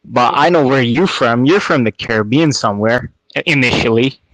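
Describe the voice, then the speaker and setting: A man from Canada calling into a talk show, teasing and relaxed as he chats. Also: mid-range voice, moderate pace, no echo, low-quality recording. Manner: teasing, laid-back. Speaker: caller. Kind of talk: casual chat.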